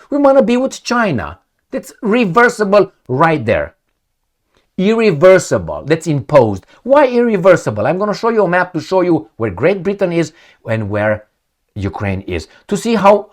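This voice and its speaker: A man gives solo commentary on news articles, reading them aloud and ranting sarcastically with profanity while talking straight to his viewers. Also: high-pitched. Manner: profane, addresses viewers directly. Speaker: political commentator.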